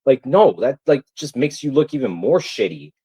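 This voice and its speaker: A man's voice: medium pitch, big pitch swings, moderate pace, mellow, slightly rough, low-quality recording. A man ranting angrily to his livestream viewers, heated, profane and repetitive. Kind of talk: angry livestream rant.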